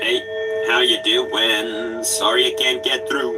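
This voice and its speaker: An Australian-accented man hosts a casual tarot livestream from his caravan, speaking in a mid-range, level voice at a slow pace with music in the background. He rambles playfully and sings snatches of songs.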